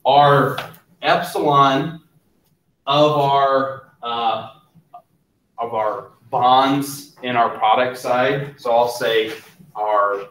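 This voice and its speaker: A man teaching a chemistry class in a relaxed lecture style, often stopping to ask if there are questions. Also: mid-range voice, very slow, distant mic. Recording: roomy classroom, voice from off-mic.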